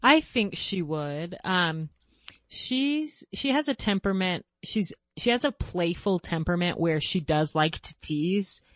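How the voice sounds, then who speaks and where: A woman's voice: fairly low pitch, animated, measured pace, no echo. A mother hosting a podcast, candidly describing her children's squabbles and asking for advice, laughing often. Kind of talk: casual podcast chat.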